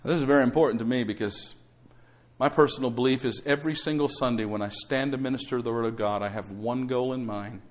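A middle-aged pastor preaches a sermon at a quick pace in a mid-range voice, urging the congregation to say amen. He sprinkles in conversational asides and rhetorical questions.

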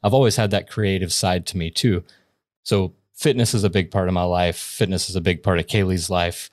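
Deep-voiced easygoing male guest, dry sound. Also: steady tone, brisk, dry recording. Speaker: guest, video producer. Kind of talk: relaxed interview answers.

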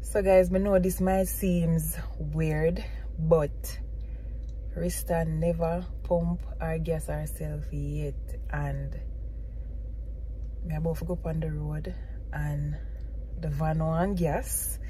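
A woman vlogs from a van in a slow, easygoing way. She chats casually to the camera and coos at her little one between remarks. There is a faint hum of the road behind her. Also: sits low, flat delivery, warm tone. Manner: chatty, coos at her small child. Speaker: family vlogger. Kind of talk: casual vlog chat to camera.

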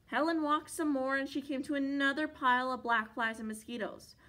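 A woman reading a picture book aloud for children at a library, animated and playful with sound effects. Her voice is high and crisp, with a bright edge. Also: brisk. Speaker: library storyteller.

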